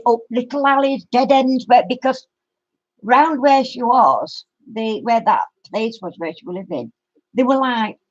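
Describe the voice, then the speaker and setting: A woman's voice: on the high side, dry recording. A middle-aged woman, telling a long story in a casual live-stream chat. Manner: rambling storyteller. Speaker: craft channel host. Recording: dry, muffled lo-fi sound.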